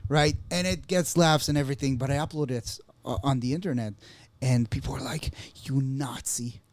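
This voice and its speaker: A man from Israel telling stories and ranting on a casual podcast, animated and getting loud. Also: medium pitch, brisk, no echo. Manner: animated storytelling, rising to loud rants. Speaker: comedian guest.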